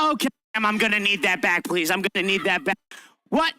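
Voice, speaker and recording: A man's voice: very high voice, brisk, bright, forceful tone, clean tone, no echo. A man presenting an interactive science demonstration for children, upbeat and theatrical as he directs the kids. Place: library event room.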